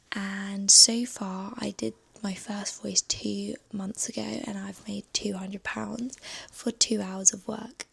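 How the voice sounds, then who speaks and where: A woman's voice: medium pitch, gravelly, breathy edge. A woman chatting casually and upbeat as a vlogger, talking through her day in her bedroom. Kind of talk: casual vlog chat.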